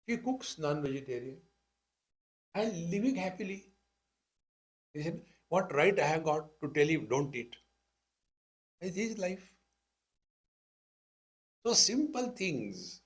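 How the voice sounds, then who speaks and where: An Indian-accented man gives a spiritual talk to a live audience. He tells anecdotes with wry humor and acts out the voices of the people in them. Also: on the high side. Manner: storytelling, acting out dialogue, wry humor. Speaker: spiritual teacher. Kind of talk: spiritual discourse with stories.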